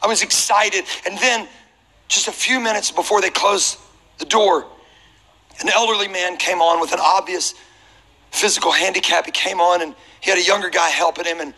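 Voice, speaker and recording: High, very bright-voiced male pastor. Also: normal speed, poor audio. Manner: humorous, animated storytelling. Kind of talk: sermon with personal storytelling.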